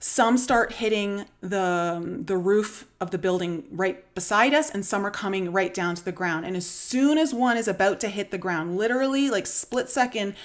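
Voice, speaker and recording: Canadian lady on a livestream telling her dream, lots of ums and little laughs, middle pitch. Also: moderate pace, hardly any pauses. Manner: rambling storytelling with many fillers and small laughs. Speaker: spiritual vlogger. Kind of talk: live-stream dream retelling.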